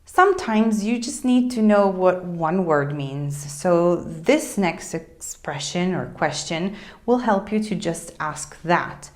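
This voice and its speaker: A woman teaching a friendly online language lesson, explaining calmly and modeling phrases with expressive intonation. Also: lowish voice, takes it slowly.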